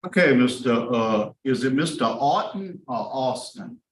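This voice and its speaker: Board member, probing, echoey room with faint hiss. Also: male voice, medium pitch, lively intonation, a little slow. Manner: plain-spoken, probing, many fillers. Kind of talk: interviewing at a hearing. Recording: roomy hearing room with faint noise.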